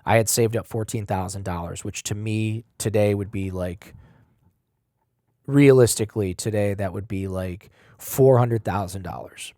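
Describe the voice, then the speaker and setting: A man's voice: lowish voice, a little slow, dry recording, clean studio sound. Blunt, swearing man telling his story. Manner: animated, swings between loud and quiet. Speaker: podcast guest. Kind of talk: emotional personal storytelling.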